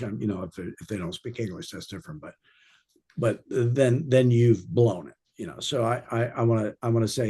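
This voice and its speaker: A man's voice: medium pitch, animated, normal speed, warm tone, slightly rough. A man coaching real estate agents in an informal training talk, rambling through anecdotes with wry humor.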